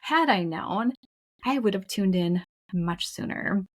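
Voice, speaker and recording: A woman's voice: medium pitch, expressive, slow pace. Frank, emphatic woman podcast co-host. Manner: frank, emphatic, casual swearing. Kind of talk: candid conversational storytelling.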